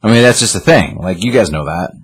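A man co-hosting a casual chat, animated, acting out his own reactions as he talks. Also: low voice, fast talker, husky. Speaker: podcast co-host reviewing a comic.

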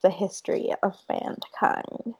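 Mellow-voiced woman co-hosting a chat. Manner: halting, thinks aloud with many fillers. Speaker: podcast co-host. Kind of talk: casual chat.

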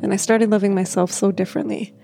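Woman who stutters, candid and reflective, mellow tone over faint music. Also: mid-range voice, steady tone, fast, vocal fry. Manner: stutters, with repeated words and restarts; laughs often, speaks in a gentle, reflective way. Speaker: speaker sharing a personal story. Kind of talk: reflective personal talk.

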